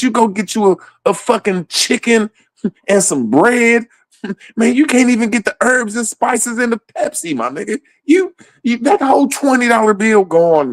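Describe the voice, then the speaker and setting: A man's voice: sits high, no room sound. A man in a casual comedic rant, swearing freely and laughing often in the middle of his sentences. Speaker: comedic ranter.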